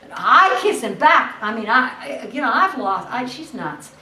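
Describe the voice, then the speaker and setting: Lively, animated actress guest with a fairly high voice. She is recorded from a distance in an echoey room, with a faint hiss underneath. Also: moderate pace. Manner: lively, acts out the people in her story. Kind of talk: animated anecdote telling.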